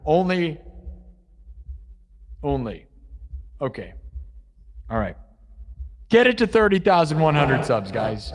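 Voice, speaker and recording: A man's voice: a little high, very animated, slow, long pauses, soft background music. A young man hosting a casual livestream, rambling and silly, laughing at his own jokes. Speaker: livestream host and improv musician.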